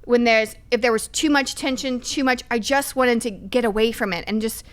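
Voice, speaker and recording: Middle-aged woman, animated storyteller on a podcast, highish smooth voice. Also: moderate pace. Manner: lively, animated, emphatic storytelling. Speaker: podcast guest. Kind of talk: candid conversational storytelling.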